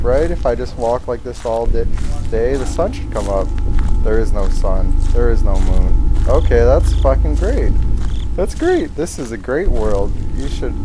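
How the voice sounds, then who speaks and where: A man's voice: medium pitch, lively intonation, unhurried, over music. A young man streaming a horror game, panicking, screaming and swearing, then muttering sarcastic asides. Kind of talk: gaming stream commentary. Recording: noisy gameplay recording.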